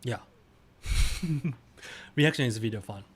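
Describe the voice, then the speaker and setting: A male streamer chatting casually while playing a guessing game, speaking in halting, simple phrases with bursts of excited cheering. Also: medium pitch, breathy edge.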